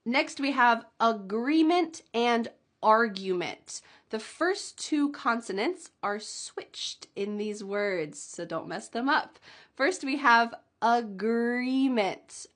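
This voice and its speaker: A young adult woman teaching English pronunciation, slowly sounding out model words and sentences for learners to repeat, with small laughs between them. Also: on the high side, expressive, fairly bright tone. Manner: slow, drawn-out model words with light laughs. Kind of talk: pronunciation lesson.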